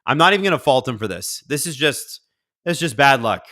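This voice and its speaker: Male streamer host, bright edgy tone, excitable play-by-play reactions between quiet mutters. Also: medium pitch, a little fast. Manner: excitable, swings from mumbled asides to loud outbursts. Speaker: live-stream watch-along host. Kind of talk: live game reaction and chat reading.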